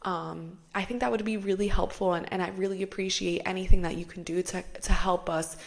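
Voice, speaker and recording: A woman's voice: lowish voice, steady tone, a little fast, vocal fry. A woman acting out her charming friend, speaking in a bubbly, overly polite, sing-song manner. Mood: polite pleading. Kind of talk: acted-out anecdote.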